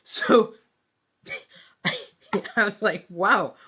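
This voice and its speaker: Bright, chatty woman telling a story. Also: sits low, moderate pace. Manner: animated, chatty, many fillers and restarts. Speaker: vlogger. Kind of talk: casual personal storytelling.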